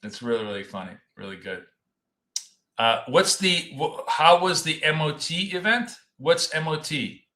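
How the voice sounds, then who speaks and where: A man's voice: on the high side, animated, normal speed, pushed and bright. Blunt, joking man in an echoey room. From Russia. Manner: blunt, joking, swears freely. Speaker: trading show co-host. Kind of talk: casual live trading chat.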